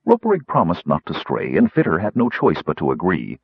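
Brief: deep, husky male audiobook reader, expressive melody, dry, muffled recording. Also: dry recording. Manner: measured storytelling, shifting into character voices. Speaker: audiobook narrator. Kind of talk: scripted fantasy narration.

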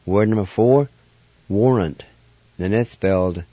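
A man's voice: on the low side, slow, long pauses, mellow, no room sound, lo-fi sound. A man hosting a radio language lesson, spelling each word letter by letter and sounding it out syllable by syllable. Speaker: radio host teaching Cherokee words.

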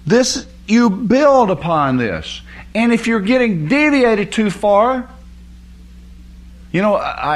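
A man teaching a sermon on scripture, emphatic and repeating words for stress. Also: high voice. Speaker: Bible teacher.

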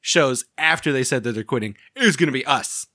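A man's voice: medium pitch, animated, fairly quick, bright, forceful tone, no echo, clean studio sound. A man co-hosting a podcast, talking in a loose, rambling way and laughing at his own stories. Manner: laughs often, rambling and self-amused. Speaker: podcast co-host. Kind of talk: casual podcast chat.

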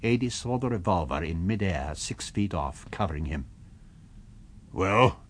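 A man narrating a novel in a measured storytelling manner. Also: low voice, expressive, slight background noise. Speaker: audiobook narrator. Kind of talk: scripted narration.

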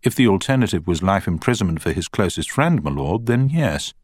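Man doing a sharp young lawyer, pointed and probing, lively, storybook reading. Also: low voice, brisk, dry recording, studio quality, pitched above the performer's own voice. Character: sharp young male defence barrister.

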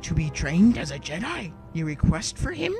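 A man voicing an ancient, small, wise male alien master who speaks slowly with inverted word order. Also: fairly high pitch, wildly swooping pitch, over music. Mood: solemn.

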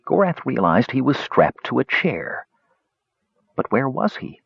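A man narrating a story in an expressive, dramatic reading, in a slightly muffled recording. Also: lowish voice, normal speed, creaky, breathy edge, dry recording.

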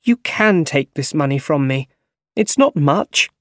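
A man's voice: a little high, slow, a little mellow, dry recording, clean studio sound, voice pushed up. A man voicing a tired, grieving elderly aunt in an easy-English audiobook, in a raised quavering voice. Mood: insistent.

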